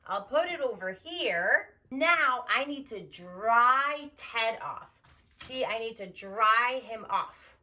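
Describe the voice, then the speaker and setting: A woman with a high, bright voice talks to toddlers at a very slow pace. She repeats simple words in a sing-song way and stays gentle and encouraging. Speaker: early childhood educator. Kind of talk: toddler teaching video narration.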